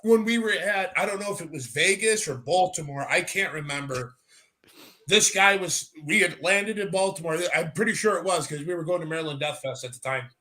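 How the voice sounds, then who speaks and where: An American man hosting a casual podcast chat, telling loud stories full of swearing. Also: on the high side, fairly quick. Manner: swears a lot, loud storytelling.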